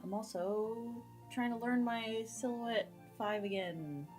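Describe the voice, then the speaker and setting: A woman's voice: fairly high pitch, takes it slowly, darkish tone, faint music behind. A woman chatting casually at home, with teasing, matter-of-fact banter. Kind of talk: casual chat.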